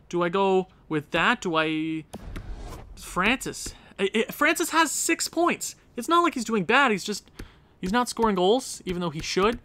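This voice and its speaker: A young man with a pushed, bright voice on the high side hosts a hockey game let's-play for his gaming channel. He thinks aloud over lineup choices and talks at the on-screen players with exasperated outbursts.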